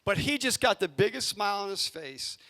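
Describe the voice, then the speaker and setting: A man who coaches youth sports, telling a coaching story to a community audience and acting out his own yelling from the sidelines. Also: high voice, brisk. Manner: animated, acts out yelling in his stories. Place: arena event space.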